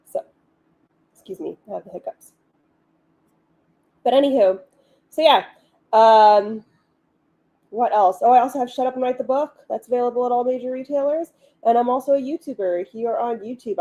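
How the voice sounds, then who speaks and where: Brief woman livestream host, casual upbeat chat, mellow tone, lots of fillers. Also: on the high side, rough recording. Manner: chatty, upbeat, many ums and asides.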